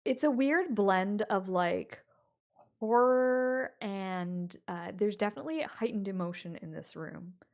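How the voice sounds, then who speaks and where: A woman's voice: mid-range voice, unhurried. A woman running a tabletop horror game as game master, describing scenes in a loose, chatty way with many fillers.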